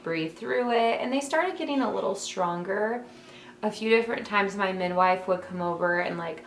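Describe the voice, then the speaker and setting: A woman's voice: fairly low pitch, a bit bright. Young woman, casual heartfelt storytelling, lots of "like" fillers, home bedroom, echoey room, faint background hum. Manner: chatty, many fillers like "like" and "um"; emotional, heartfelt. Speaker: vlogger telling her birth story.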